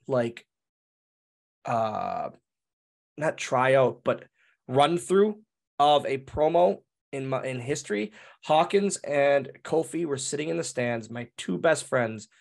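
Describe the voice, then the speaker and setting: A man in his thirties recounts an old backstage story in a casual interview. He rambles and restarts, piling on fillers with animated energy. His voice sits at an ordinary middle pitch. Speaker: interview guest, former wrestler.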